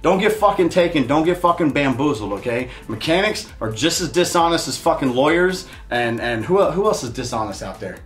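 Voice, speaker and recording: A man's voice: fairly high pitch, lively intonation, a little fast, few pauses, a bit bright. A man hosts his own show and rants about a bad experience, swearing freely and heatedly. His voice carries a roomy echo, with faint music underneath. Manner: profane, heated storytelling. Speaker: show host. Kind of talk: casual ranting monologue.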